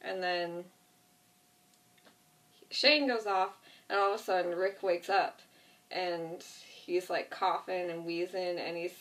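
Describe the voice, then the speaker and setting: A woman's voice: lowish voice, steady tone, slow pace, long pauses, fairly bright tone. A woman casually retelling a TV episode in a rambling way, full of fillers and asides. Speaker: vlogger. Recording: voice distant from the mic.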